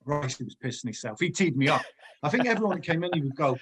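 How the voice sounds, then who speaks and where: A middle-aged man, a former footballer, casually telling animated anecdotes as a podcast guest and laughing often. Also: a little high, fast talker, husky. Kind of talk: casual storytelling.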